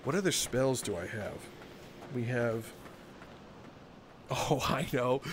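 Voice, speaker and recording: A man live-streaming a game, joking with his chat, with bursts of laughter and loud theatrical exclamations. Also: mid-range voice, lively intonation, slow pace, long pauses, husky.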